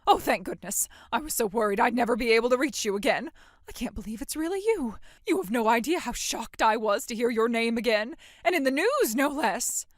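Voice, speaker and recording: A woman's voice: fairly high pitch, animated, a little fast, dry recording, studio quality. An actress voicing a cold, scornful mother who later turns gushing and pushy in a dramatic story. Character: cold, scornful, manipulative middle-aged mother.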